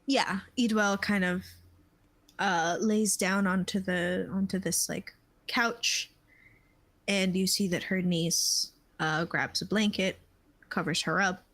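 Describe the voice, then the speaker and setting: A woman narrating a tabletop game as game master, unhurried and searching for words. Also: mid-range voice, steady tone, a bit bright, no echo, low-quality recording. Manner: unhurried, with many fillers and restarts.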